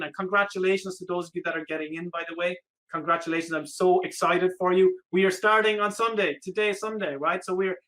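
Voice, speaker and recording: A man giving an energetic, persuasive sales pitch on a live webinar, repeating the offer, his voice slightly hoarse. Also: rough recording. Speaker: online business coach.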